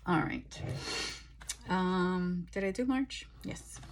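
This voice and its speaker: A tired woman talks through her craft purchases in a relaxed, rambling way, pausing often and filling gaps with ums. She sounds like she is recording on her phone, with a faint hiss in the background. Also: fairly low pitch. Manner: relaxed, chatty, many ums and pauses. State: tired, yawning. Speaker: craft vlogger. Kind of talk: casual show-and-tell chat.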